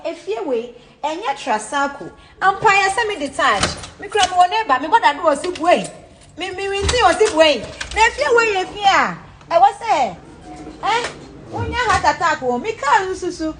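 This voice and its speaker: Her voice very high and swinging widely in pitch, a young Ghanaian-accented celebrity shows off her home to the camera. She talks casually and animatedly at a moderate pace, bluntly and with swearing, blending Pidgin and Twi, with background noise present.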